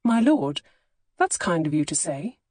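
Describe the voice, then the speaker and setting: A woman's voice: deep voice, big pitch swings, unhurried, a little mellow, dry recording, exaggerated voice. Woman voicing a flustered young lady. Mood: earnest. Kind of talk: audiobook character dialogue.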